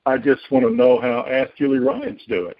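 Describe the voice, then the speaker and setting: A man's voice: mid-range voice, fairly even intonation, normal speed, no echo, narrow, tinny audio. A man with a Southern US accent, calling in to a radio show to tease the host, his wife, in a courteous, teasing manner. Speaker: caller, host's husband. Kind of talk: casual call-in chat.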